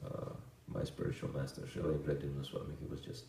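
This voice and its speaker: Deep-voiced man telling a story in a roomy hall. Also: fairly quick, vocal fry, distant mic, a little hiss or hum. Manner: relaxed anecdotal storytelling with fillers and chuckles. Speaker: monk giving a talk. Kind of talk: storytelling lecture.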